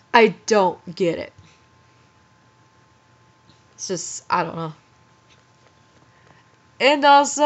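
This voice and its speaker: Slow, bright-voiced woman reading fanfiction aloud. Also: on the high side. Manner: incredulous, exasperated asides. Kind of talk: dramatic reading with mocking commentary. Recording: muffled lo-fi recording.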